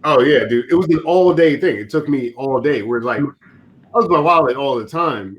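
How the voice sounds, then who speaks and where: A man of middle pitch talking in an easygoing, slangy manner during a casual group chat. He speaks as one of the regular hosts, relaxed and informal. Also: normal speed. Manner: laid-back, slangy, says bro and dude.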